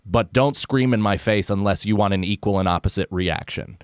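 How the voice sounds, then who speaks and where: A man's voice: fairly low pitch, brisk, clean tone, no echo, clean studio sound. A man, a comedian, talking candidly and with plenty of swearing in a casual podcast chat. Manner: candid, profane, self-deprecating. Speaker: comedian guest.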